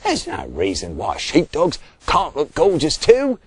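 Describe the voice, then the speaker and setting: A man doing Sean, a gentle quiet shearer. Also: a little high, huge pitch swings, unhurried, breathy edge, no echo, voice pushed up, heavily acted. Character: gentle, soft-spoken young male sheep shearer.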